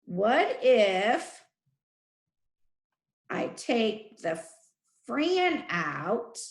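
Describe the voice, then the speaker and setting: Slow, careful first grade teacher. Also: female voice, a little high, sing-song. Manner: slow, clearly drawn-out letter sounds. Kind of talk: recorded phonics lesson. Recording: echoey room.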